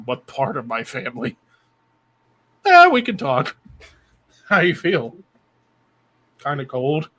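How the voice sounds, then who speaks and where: A man's voice: mid-range voice, slow, long pauses. A young man hosting a live stream, retelling a comedy bit in casual, swear-heavy chat. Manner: animated, swears a lot, jumps into bits with funny voices. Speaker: stream host.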